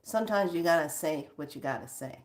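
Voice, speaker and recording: A woman's voice: low-pitched, expressive, brisk. A woman vlogger chatting casually with her viewers, laughing often and swearing for emphasis. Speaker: spiritual vlogger.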